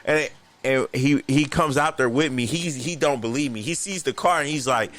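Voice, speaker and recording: A man co-hosting a podcast, telling a long story in an animated, profane, slangy way. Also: mid-range voice, moderate pace. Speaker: podcast co-host. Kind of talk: casual storytelling chat.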